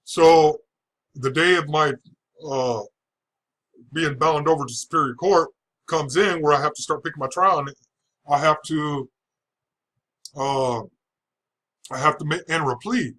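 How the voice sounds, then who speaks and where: A man with a slightly higher-than-average voice recounts his own story in a relaxed, chatty way. He often restarts his sentences and chuckles as he goes. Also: measured pace, pauses often, low-quality recording. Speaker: person giving a testimony. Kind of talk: casual storytelling.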